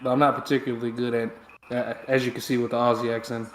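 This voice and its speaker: A man's voice: medium pitch, flat delivery, fast, roomy sound, a crowd in the background. An American man co-hosting a casual sports watch-along, laid-back and laughing often. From United States. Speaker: co-host. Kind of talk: casual chat.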